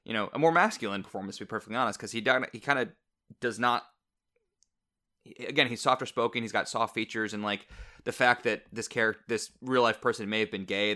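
A man's voice: fairly low pitch, pushed and bright. A man co-hosting a podcast who shares his view of a film in an earnest, casual way.

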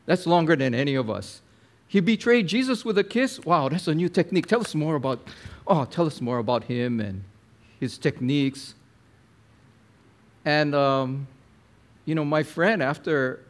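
A man preaching a sermon, telling a story with lively acted-out quotes and talking to the listener directly. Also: a little high. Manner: animated storyteller, acts out quotes, addresses listener as my friend.

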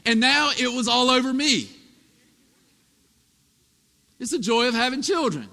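A man in his thirties preaching a sermon, telling family stories with animated, emphatic delivery. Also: extremely high pitch, a little fast. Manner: storytelling, animated, rising to emphatic peaks. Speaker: pastor. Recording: echoey hall reverb.

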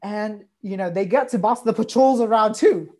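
A woman's voice: medium pitch, normal speed, dark tone. A young woman hosting a podcast, talking casually with lots of fillers. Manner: chatty, frequent fillers and backchannels. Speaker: podcast host. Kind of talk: casual chat.

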